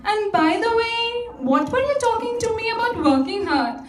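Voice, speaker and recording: High-voiced woman as a tart stage mum, teasing her family, heard from far off in an echoey hall. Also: expressive, moderate pace. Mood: cool. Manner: sharp, mocking, teasing. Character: fed-up middle-aged mother turning the tables on her family. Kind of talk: amateur stage acting. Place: theatre stage.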